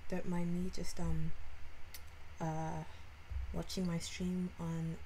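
A woman's voice: on the low side, level tone, slow pace, mellow. A woman chatting casually on a live stream from a cluttered table at home. She is scattered and talks to herself as she fiddles with her devices. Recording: stream audio with clear background noise.

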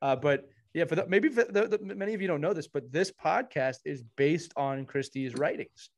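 A man's voice: on the high side, normal speed. A man hosting a casual podcast, talking in an effusive, earnest way as he praises his co-hosts. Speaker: podcast host.

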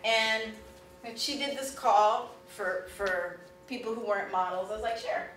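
A woman teaching artist talking casually and exuberantly about her career, with lots of animated exclamations. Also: on the high side, a little slow. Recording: echoey room from a distance.

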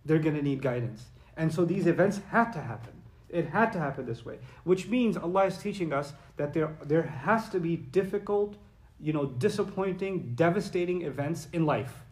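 A man preaching a lecture-style sermon in a conversational, animated way, sometimes reciting Arabic. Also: a little high, moderate pace, reverberant. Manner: animated and conversational, acting out quoted voices; recites Arabic verses and sources. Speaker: Islamic preacher.

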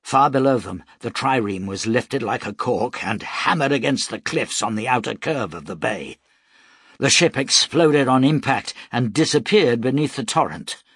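A man narrating an audiobook in a measured, dramatic storytelling manner. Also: medium pitch, lively intonation, fairly bright tone, husky, dry recording, studio quality.

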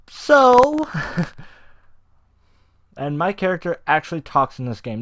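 A young man giving casual, excitable, profane let's-play commentary over a video game, shouting when frustrated. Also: medium pitch, dry recording, studio quality. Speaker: gaming YouTuber. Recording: faint game music behind.

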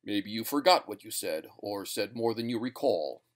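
A stern male scientist with a curt, acid way of speaking, put on by a man. He lectures in a slightly lower, clipped voice. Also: normal speed, natural voice.

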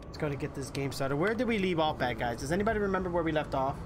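A man's voice: a little high, expressive, very fast, background noise. A man live-streaming a game, chatting casually and talking straight to his viewers as he plays. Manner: chatty, talks straight to viewers, hypes them up. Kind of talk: casual gameplay commentary.

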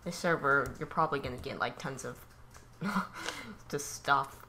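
A woman chatting casually as a co-player, directing her friend and tossing in relaxed, teasing side comments. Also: rumbling low, normal speed, slight background noise. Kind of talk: casual gaming chat.

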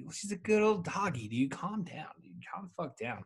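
Male podcast host, thirties, slightly high voice, laid-back profane rambler. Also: sing-song, normal speed, breathy edge. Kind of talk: casual solo podcast monologue. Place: at home.

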